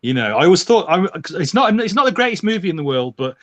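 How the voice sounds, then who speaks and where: Lively, fairly high-voiced male host. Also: fast. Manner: chatty, laughs often, lively. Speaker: podcast host. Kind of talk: casual podcast chat.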